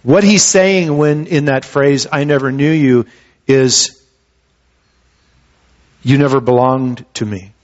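A man preaching a sermon who reads scripture and then explains it in a conversational way, often pausing and restarting his phrases. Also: medium pitch. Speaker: pastor. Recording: dull lo-fi sound.

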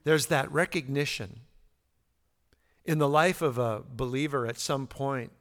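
A man's voice: mid-range voice, unhurried, fairly bright tone. A man teaching through a psalm verse by verse, in a conversational way with fillers and repeated words. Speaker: Bible teacher. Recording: long hall reverb.

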